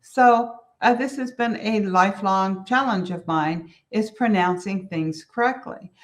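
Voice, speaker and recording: A woman business coach talks straight to her listeners in an earnest, conversational way. She circles back to repeat her main points and mispronounces some words along the way. Her voice sits at an ordinary middle pitch. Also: a little slow. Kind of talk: solo business advice talk.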